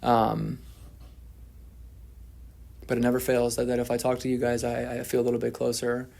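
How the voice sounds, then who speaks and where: A man's voice: mid-range voice, completely flat delivery, moderate pace, vocal fry, a little mellow. A man telling his story at a twelve-step recovery meeting, candid and self-deprecating, often restarting his sentences.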